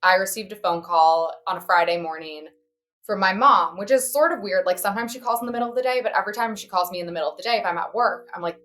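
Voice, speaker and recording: A young woman co-hosting a podcast tells a story in a chatty, casual way, using "like" constantly and swearing bluntly. She talks fast in a mid-range, slightly bright voice.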